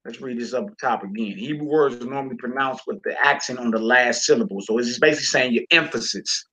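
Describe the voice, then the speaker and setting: A man teaching a casual homeschool Hebrew lesson, slowly drawing out and repeating each word for his students. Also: mid-range voice, sharp tone, slightly rough.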